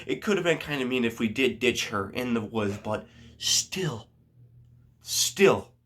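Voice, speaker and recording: Man swearing through an animated storytime. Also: mid-range voice, unhurried. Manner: animated, swears freely, restarts a lot. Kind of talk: casual storytime vlog.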